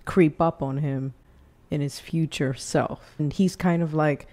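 A woman hosting a reaction video, talking in a chatty, expressive way and swearing casually as she reacts. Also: fairly low pitch, measured pace.

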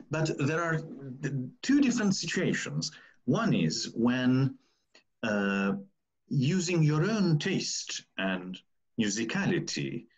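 A man hosting a conversation, speaking in a measured, deliberate way. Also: medium pitch, slightly rough. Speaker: host.

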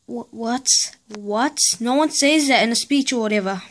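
A woman's voice: a little high, normal speed, hardly any pauses, a bit bright. A woman vlogger ranting in a casual, sarcastic, exasperated way, spelling out letters in disbelief. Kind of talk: casual vlog rant.

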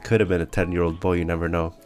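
A man's voice: deep voice, level tone, rapid-fire, darkish tone, faint music behind. A man giving playful, sarcastic commentary while playing a video game with a stranger. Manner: teasing, sarcastic. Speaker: gaming YouTuber.

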